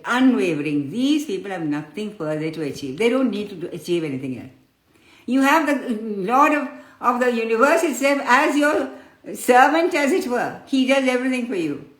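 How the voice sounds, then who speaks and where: Female spiritual teacher, patient storyteller who calls listeners her children; higher voice, roomy echo. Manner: addresses listeners fondly as children, explains patiently.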